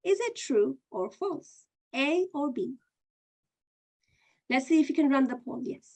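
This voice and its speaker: A woman's voice: sits high, expressive, unhurried, mellow. A woman teaching an online Qur'an reading lesson, patiently explaining step by step and running a quiz.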